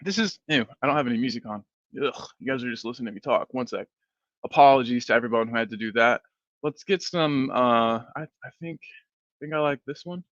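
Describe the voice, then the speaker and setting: A man's voice: medium pitch, a little fast, a bit bright, no room sound. A sleepy man hosting a fan live stream, rambling casually and reading viewer comments aloud. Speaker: fan channel host. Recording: dull, dry stream audio.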